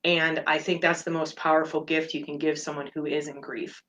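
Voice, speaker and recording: A woman hosting a meditation podcast, talking about personal matters in earnest, halting phrases. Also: low voice, level tone, a bit bright, a little hiss or hum. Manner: earnest and open, speaks in halting phrases with fillers. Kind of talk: personal reflective talk.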